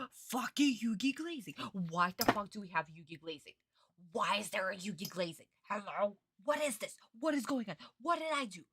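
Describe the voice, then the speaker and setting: A woman's voice: medium pitch, bright, forceful tone, slightly rough, dry recording. Exasperated, swearing young woman streamer. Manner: exasperated, profane ranting. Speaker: streamer reacting to an anime. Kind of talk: casual live-stream reaction.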